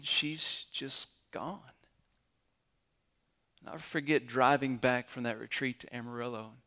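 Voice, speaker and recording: A man's voice: mid-range voice, fairly bright tone. A man, a pastor giving a sermon in an earnest storytelling way that builds to emphatic climaxes.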